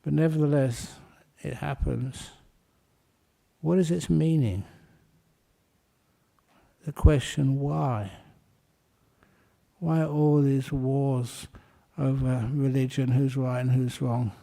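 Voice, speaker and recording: A man giving a Buddhist dharma talk, explaining with gentle humour and telling a story to make his point. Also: medium pitch, steady tone, slow, gravelly, long pauses. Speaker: Buddhist teacher.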